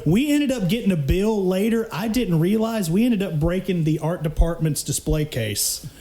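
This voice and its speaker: A man's voice: high voice, measured pace. Profane, laughing young man telling stories. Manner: animated, profane storyteller with laughs. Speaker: podcast co-host. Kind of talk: casual storytelling chat.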